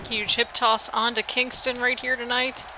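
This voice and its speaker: Delivering flat, normal-speed commentary in a slightly high, sharp voice, an American gaming channel host chats and rambles through a video game play by play. Her accent blends northern, midwestern and southern elements, and the rough recording has slight background noise.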